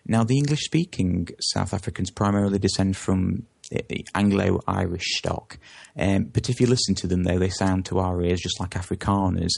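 In a conversational interview, a male guest speaks at a moderate pace in a low, gravelly, husky voice. He goes on and on, frequently stopping partway through sentences to fix what he's said.

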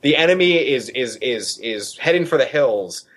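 A man's voice: medium pitch, expressive, normal speed, a bit bright. A man, a guest on a talk show, telling a story and often repeating words as he gets going. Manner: repeats words when starting sentences. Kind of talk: animated storytelling.

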